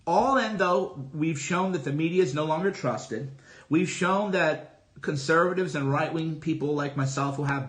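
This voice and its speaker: A middle-aged man on a solo livestream, talking casually with boastful, emphatic, repetitive declarations. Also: mid-range voice. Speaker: livestream host. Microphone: streaming from a phone.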